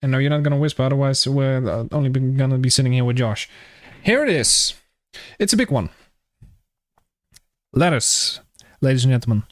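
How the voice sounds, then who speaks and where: A man's voice: mid-range voice, lively intonation, fast. A young man with a Dutch accent chatting casually and jokingly with viewers on a live stream, swearing freely. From Netherlands.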